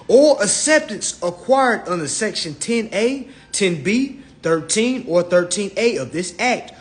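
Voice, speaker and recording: A man giving a blunt, confrontational livestream lecture, reading law text aloud slowly and then arguing with his audience, recorded on a phone. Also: high voice. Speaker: livestream speaker.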